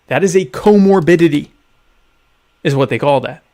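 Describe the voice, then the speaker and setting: A man's voice: fairly high pitch, normal speed, long pauses, mellow. Sardonic man hosting a casual live show. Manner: sardonic, mock-pompous, reads viewer comments aloud. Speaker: podcast host. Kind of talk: casual live-stream chat.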